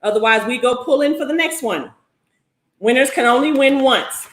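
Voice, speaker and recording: Goofy high-voiced woman hosting a livestream. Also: lively intonation, moderate pace, echoey room. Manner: playful and goofy, calls names out repeatedly. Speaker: host. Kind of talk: live-stream giveaway, casual chat.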